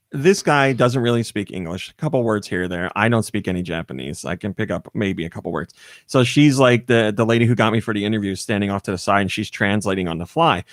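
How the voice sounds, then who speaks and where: An American man hosts a podcast and tells a story in casual chat, acting out the voices and laughing often. His voice is mid-range, and the recording is dry with clean studio sound.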